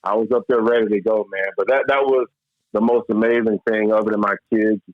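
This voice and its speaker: A man's voice: on the low side, brisk, no room sound. A man from Louisville, a former pro baseball player, telling his story in a casual interview and tossing in "man" a lot. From Louisville, Kentucky, US. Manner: animated, repeats "man" and restarts often. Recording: dull lo-fi dry sound.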